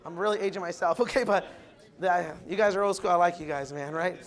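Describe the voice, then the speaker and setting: High-voiced energetic male motivational speaker. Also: a little fast. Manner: energetic, addresses the crowd as guys, acts out quotes. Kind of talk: motivational business talk.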